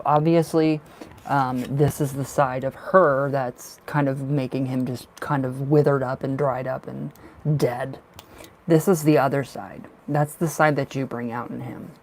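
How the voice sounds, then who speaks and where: A man's voice: medium pitch, fairly even intonation, unhurried. A man giving a casual live tarot reading, talking loosely and repeating himself as he goes. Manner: casual, rambling, repeats words. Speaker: tarot reader.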